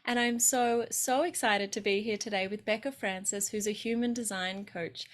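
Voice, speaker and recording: A woman hosts an interview show with a bubbly, gushing delivery. Her voice sits a little high, and she sounds eager as she welcomes her guest. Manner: gushing, upbeat. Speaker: podcast host. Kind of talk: enthusiastic interview intro.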